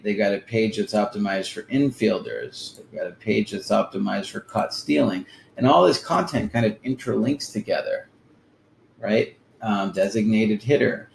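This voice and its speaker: A man giving a casual screen-share marketing lesson, often ending sentences with "right?" and pausing on "um". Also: fairly low pitch, vocal fry, echoey room, slight background noise, rough recording. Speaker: digital marketing presenter.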